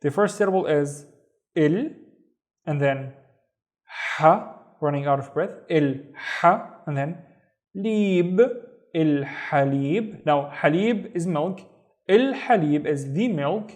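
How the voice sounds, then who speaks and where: A man teaching an online language lesson, speaking slowly and carefully, with a Saudi Arabic accent, repeating each word for pronunciation. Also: a little high, darkish tone.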